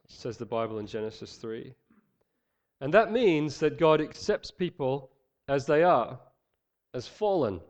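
A man preaching a sermon, praying and reading scripture in an earnest, measured way, slightly nasal from a head cold. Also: mid-range voice, expressive, darkish tone, lo-fi sound. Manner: earnest, measured, some fillers.

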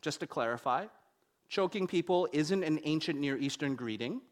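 A young man preaching a sermon, telling stories with wide swings between loud and hushed delivery. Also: on the high side, expressive, moderate pace.

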